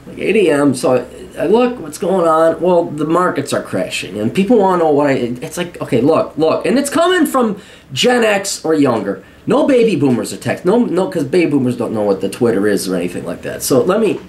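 A man hosts his own channel in a loose, profane rant. His voice rides high and leaps around, and the sarcasm never lets up. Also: fairly quick. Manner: animated, sarcastic, swears freely. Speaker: host. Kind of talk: profane casual rant to camera.

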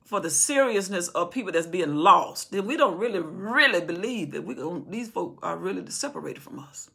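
A woman's voice: fairly low pitch, animated, moderate pace, creaky, bright, forceful tone, slightly rough. A woman teaching a Bible study sermon in a fervent, conversational preaching style, often repeating herself as she builds.

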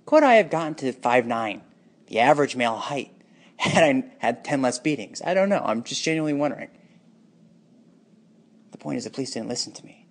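A man speaking a raw, emotional personal monologue, anguished and bitter, moving between hushed and intense delivery. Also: mid-range voice, very animated, fairly quick, long pauses.

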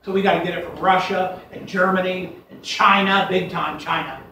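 A man delivers an emphatic, folksy sermon, his voice sitting high and bright. He is picked up from a distance in a church sanctuary with heavy echo and a faint hiss underneath. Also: steady tone, moderate pace. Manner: folksy, emphatic preaching with scripture quotes. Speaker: pastor. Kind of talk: fiery sermon.

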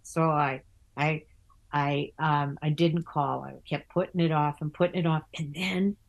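Older lady actor chatting away, lowish voice, lots of false starts. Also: steady tone, unhurried. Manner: chatty storyteller with many restarts, acting out other voices. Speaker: guest, theatre actor and author. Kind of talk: casual interview chat.

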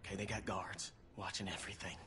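A man voicing a worried young man on the run, talking in an urgent, hushed way. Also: sits low, level tone, fast talker. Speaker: video game character.

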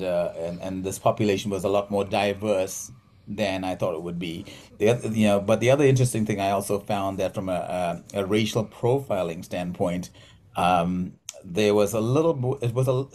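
Thoughtful South African man, lowish voice. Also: a little mellow. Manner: thoughtful, many fillers and restarts. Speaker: physical therapist, podcast guest. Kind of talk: conversational interview.

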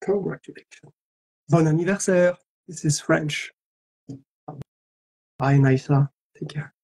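Husky, slow-talking playful man. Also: on the high side, darkish tone, low-quality recording. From Algeria. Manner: playful, joking, switching between languages. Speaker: voice actor at a fan autograph session. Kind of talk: casual livestream chat.

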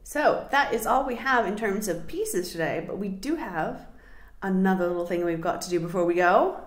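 A woman's voice: mid-range voice, animated, normal speed, echoey room. A woman hosting a podcast, chatting in a friendly way and laughing easily. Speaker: podcast host. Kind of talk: casual chat.

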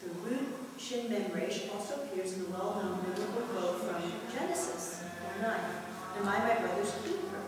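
A woman teaching a Hebrew class, lively, often laughing and repeating herself. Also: medium pitch, moderate pace. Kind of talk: classroom lesson. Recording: echoey room from far off.

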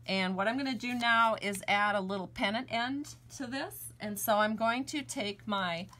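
A chatty woman walks viewers through a card-making project live from her crafting table. She talks at an ordinary middle pitch and gushes happily over each finished step. A faint hiss sits behind her voice. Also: a bit bright. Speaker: host of a live stamping and card-making show.

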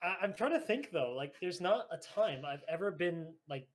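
Lively, high-voiced man in casual chat. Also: moderate pace. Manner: laughs easily, thinks aloud with restarts.

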